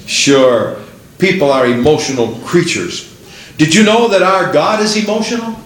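A man's voice: on the high side, normal speed, echoey room, rough recording. A man preaching a sermon in a church, building his points with one emphatic rhetorical question after another.

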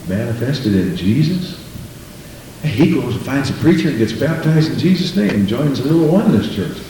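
A preacher with a darkish tone delivers his sermon through a little hiss or hum, asking questions and dramatizing disputes between people by jumping his pitch for the dialogue. His voice is distant from the mic in a heavily echoing church.

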